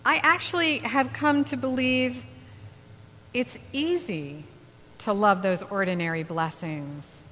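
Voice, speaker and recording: A woman minister giving a sermon in a church, speaking in a reflective way with gentle pauses. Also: on the high side. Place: church sanctuary. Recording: long hall reverb, faint hum.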